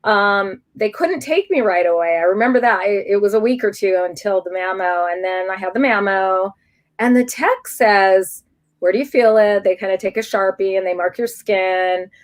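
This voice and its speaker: A middle-aged woman speaking as an interview guest at an ordinary pitch. She talks candidly and with animation. She often stops and restarts her sentences as she tells her story. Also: normal speed.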